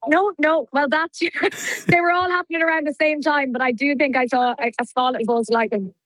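Bubbly high-voiced Irish woman. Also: steady tone, brisk, a bit bright, dry recording, low-quality recording. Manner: bubbly, chatty, laughs often. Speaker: radio presenter reporting live from a festival. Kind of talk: live radio phone-in chat. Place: outdoors in heavy rain at a festival.

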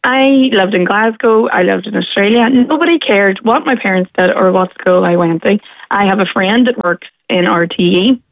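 A woman's voice: mid-range voice, moderate pace, no room sound. A forthright woman with a Northern Irish accent speaks earnestly, her voice tinny as it comes down a phone line. The sound is dry, with no room around it. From Derry, Northern Ireland. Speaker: caller. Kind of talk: radio phone-in chat.

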